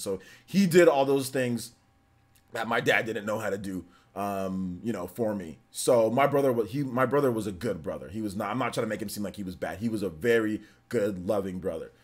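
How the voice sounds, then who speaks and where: A man hosting a casual live stream, telling stories with animated energy and breaking into shouts when excited. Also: lowish voice, fairly quick, slightly rough. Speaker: livestream host.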